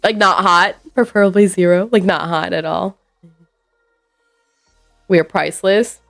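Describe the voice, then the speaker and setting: A woman streaming live, chatting loosely and answering her chat with playful asides. Her voice sits fairly low and carries a lot of vocal fry. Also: unhurried, fairly bright tone, faint music behind. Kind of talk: casual chat with viewers.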